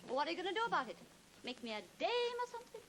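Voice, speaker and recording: A woman's voice: very high voice, sing-song, racing, fairly bright tone, full character voice. A sassy chorus girl. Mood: teasing. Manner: teasing, sarcastic. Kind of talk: 1930s film acting. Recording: faintly hissy 1930s film soundtrack.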